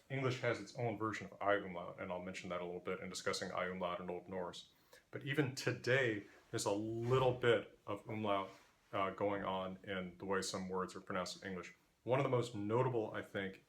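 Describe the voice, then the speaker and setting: A man's voice: lowish voice, fairly quick. A man with an Interior West American accent teaching linguistics, explaining patiently and demonstrating vowel sounds aloud. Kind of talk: explanatory lecture.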